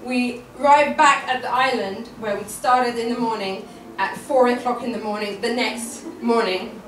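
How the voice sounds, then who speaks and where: A woman telling a personal story at a live storytelling event, animated and often laughing, repeating words for effect. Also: on the high side, moderate pace. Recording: echoey room, distant mic, noisy.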